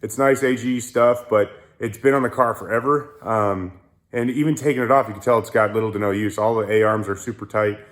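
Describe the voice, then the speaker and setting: Brisk and fairly low-pitched, with little variation in his intonation, a young man rambles to his phone about his car build. The garage vlog is casual, and he jokes about himself throughout.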